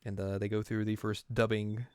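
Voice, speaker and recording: Smooth low-voiced man casually recapping anime. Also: flat delivery, moderate pace, a little mellow, no echo, studio quality. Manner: rambling, lots of fillers, acts out characters. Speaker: host.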